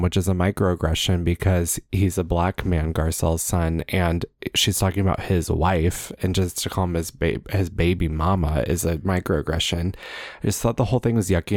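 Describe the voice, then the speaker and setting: A young man co-hosting a podcast, telling gossip in a chatty, animated way with frequent laughter. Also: sits low, no room sound, clean studio sound. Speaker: podcast co-host. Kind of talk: casual chat.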